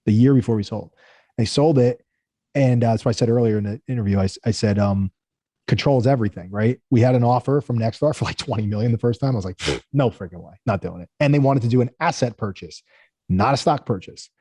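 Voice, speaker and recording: Fast-talking man telling animated business stories. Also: mid-range voice, no room sound. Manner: animated, acts out quoted people in raised voices. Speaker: guest, company founder. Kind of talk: casual interview storytelling.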